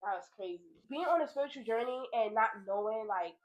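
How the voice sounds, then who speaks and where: Casting: young woman vlogger, fairly high voice, lively storyteller, relaxed home chat, fillers and laughs. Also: fairly quick, highs cut off, a little hiss or hum. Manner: animated storytelling, laughs often, many "like"s. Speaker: vlogger, big sister. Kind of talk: casual heart-to-heart chat. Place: home, pajama night.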